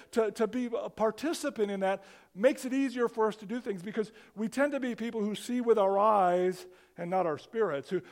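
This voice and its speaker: A pastor preaches a sermon in a high voice, animated and conversational, frequently restarting his phrases.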